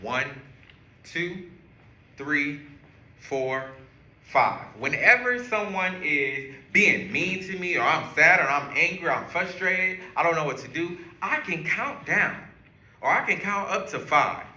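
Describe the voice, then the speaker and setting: A man leading a classroom through calming exercises, speaking slowly with a very bright, lively voice. His pitch moves a lot as he guides everyone step by step. The sound carries the echo of a roomy classroom. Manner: guides a group through breathing and counting. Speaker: teacher. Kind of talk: classroom lesson on calming strategies. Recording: echoey room.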